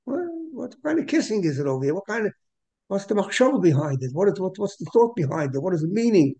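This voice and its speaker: A man's voice: high-pitched, very animated, quick pace, warm tone. A man giving a Torah class lecture, explaining at length in a repetitive, digressive way and mixing in Hebrew terms. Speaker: Torah teacher.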